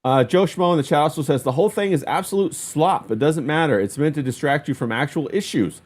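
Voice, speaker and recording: A man's voice: fairly high pitch, fairly quick. A man hosting a casual livestream, reading viewer comments in a loose, chatty way. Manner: loose and chatty, lots of "uh" and "bro". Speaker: stream host.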